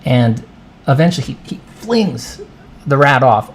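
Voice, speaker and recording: A man telling a long, rambling, deadpan story in a soft ASMR voice while he draws, often wandering off into side remarks. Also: mid-range voice, normal speed, slight background noise. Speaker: artist and channel host.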